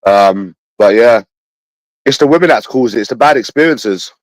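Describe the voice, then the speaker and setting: A man's voice: medium pitch, expressive, normal speed, no echo, poor audio. A man with a London accent, talking to his viewers in a rambling livestream monologue. He sounds bitter, repeats himself and swears often.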